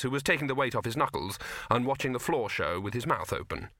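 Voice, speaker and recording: A man's voice: mid-range voice, sharp tone, no room sound. A man narrating a comic fantasy audiobook in a dry storytelling manner. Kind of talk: scripted narration.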